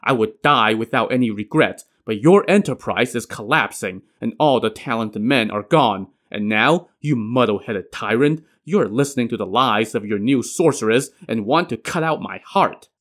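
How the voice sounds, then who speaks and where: A man's voice: mid-range voice, lively intonation, moderate pace, hardly any pauses, fairly bright tone. Man voicing a stern loyal old minister. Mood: indignant. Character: loyal elderly male minister, stern and righteous.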